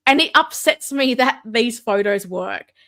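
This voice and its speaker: A woman's voice: on the high side, expressive, unhurried, fairly bright tone. An Australian woman hosting a casual livestream, chatting and answering viewer comments. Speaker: livestream host.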